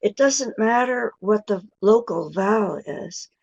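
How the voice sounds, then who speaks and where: Slow, gravelly older woman teaching. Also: mid-range voice, lively intonation, darkish tone, dry recording. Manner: demonstrates words by drawing out stressed vowels; patient and encouraging with the audience. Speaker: pronunciation teacher giving a webinar. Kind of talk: slow, deliberate lecture.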